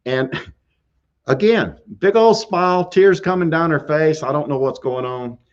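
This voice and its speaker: A man's voice: fairly high pitch, unhurried. A man hosting a live stream, casually telling a scary story with frequent chuckles and restarts. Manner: chuckles often through a spooky tale, with restarts. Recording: dull lo-fi stream audio.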